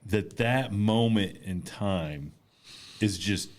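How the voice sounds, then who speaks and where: A man's voice: on the low side, slow pace. A man co-hosting a podcast, thinking aloud in casual chat. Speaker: podcast co-host.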